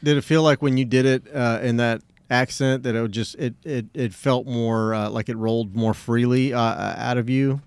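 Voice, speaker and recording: A man hosting a podcast in a casual chat, mostly giving short replies and quick jokes. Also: medium pitch, steady tone, smooth, dry recording. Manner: brief backchannel replies and jokes.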